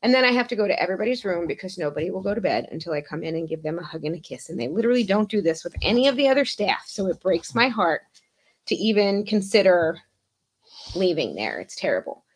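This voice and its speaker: A woman's voice: fairly low pitch, sing-song, quick pace, slightly rough. Rambling, foul-mouthed woman chatting. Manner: rambling, profane, frequent laughs. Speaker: podcast guest. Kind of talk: casual chat.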